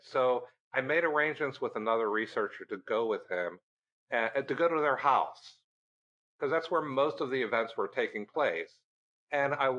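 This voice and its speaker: A middle-aged man and guest on a podcast, telling a story in a lively way and acting out the dialogue. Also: mid-range voice, muffled recording. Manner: animated storyteller, acting out quoted dialogue with laughs. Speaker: research center director, guest.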